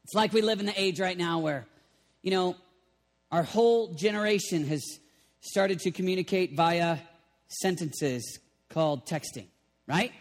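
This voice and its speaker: A man preaching a lively sermon, animated and playful, bursting into shouts. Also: high-pitched, unhurried, pauses often. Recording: long reverb of a large hall.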